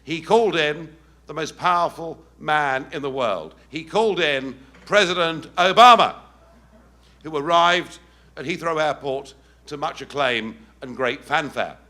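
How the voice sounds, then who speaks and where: A middle-aged man with an English accent giving a rousing, emphatic speech to a live audience in a packed event hall, with pointed pauses. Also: on the high side, sharp tone. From England. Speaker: political speaker.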